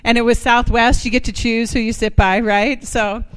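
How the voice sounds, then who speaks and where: A woman's voice: fairly high pitch, little pitch movement, normal speed, smooth. A woman from Ohio, the guest speaker at a faith gathering, telling candid stories about herself and leading a short prayer. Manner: candid, self-deprecating storytelling.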